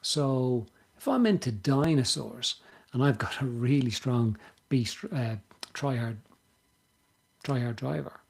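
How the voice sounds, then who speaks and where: A man with an Irish accent, hosting a podcast, explaining ideas in a casual, animated way and acting out what people say. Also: medium pitch, takes it slowly, gravelly, breathy edge. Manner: animated, acts out quoted voices. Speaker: podcast host.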